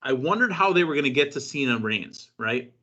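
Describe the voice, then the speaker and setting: Bright-voiced male podcast host. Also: medium pitch, lively intonation, fairly quick. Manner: chatty, joking, with fillers. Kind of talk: casual wrestling chat.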